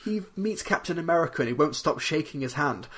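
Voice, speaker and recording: A young man co-hosting a movie podcast, making points in a measured, analytical way. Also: on the high side, expressive, fairly bright tone. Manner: measured, analytical, building arguments. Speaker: podcast co-host. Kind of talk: casual chat.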